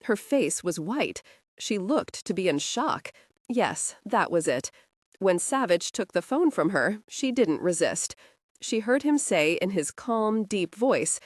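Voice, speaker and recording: A woman narrating a romantic suspense audiobook in a measured storytelling manner, close to the mic. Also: medium pitch, big pitch swings, no room sound. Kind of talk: scripted narration.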